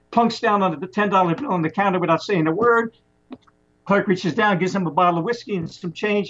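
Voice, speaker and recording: Husky man telling a rambling story. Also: sits high. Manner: rambling, animated retelling with many restarts. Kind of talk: casual spoken storytelling. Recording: muffled lo-fi recording.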